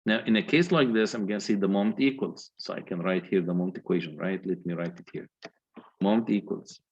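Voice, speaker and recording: Husky-voiced man giving an engineering lecture. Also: low-pitched, fairly quick, dull audio. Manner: methodical, asks the class questions. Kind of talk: university lecture, working through calculations.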